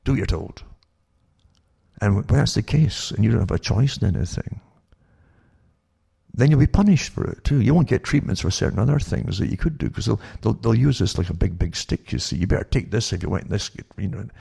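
This show host speaks low and heavily gravelly, his tone dark and husky, as he holds forth animatedly and fairly quickly. He rambles, doubles back and keeps repeating words.

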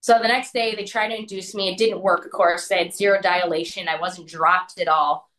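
A woman recounting her own experience in a relaxed, talkative way. She leans on "like" and slips into quoting the people around her as she goes. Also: on the low side, fairly quick. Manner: chatty, full of "like", acts out what others said. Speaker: interview guest. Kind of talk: casual personal storytelling.

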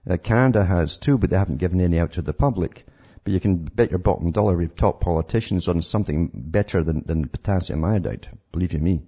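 A man's voice: low-pitched, fast talker, dark tone, breathy edge, highs cut off. A man hosting a call-in radio show, talking in an indignant, rambling way and often repeating words. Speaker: radio talk show host.

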